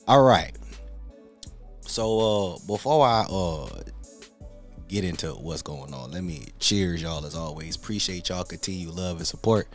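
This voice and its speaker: A slightly low-voiced man hosts a casual livestream from a home setup, easygoing and full of slang. He calls out viewers by name as he chats, with faint music playing underneath. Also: normal speed. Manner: laid-back slangy talk, greets viewers by name. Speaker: livestream host.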